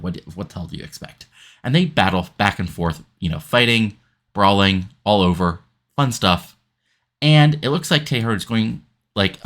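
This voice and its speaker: Low-voiced man casually recapping a game. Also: fairly bright tone. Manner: rambling, filler-heavy recapping. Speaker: game commentator. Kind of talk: casual let's-play commentary.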